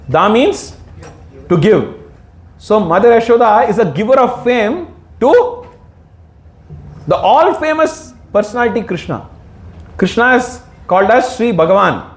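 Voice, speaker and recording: A man's voice: high-pitched, expressive, unhurried, long pauses, echoey room. A man giving a devotional sermon, asking the audience questions and answering them himself. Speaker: devotional speaker.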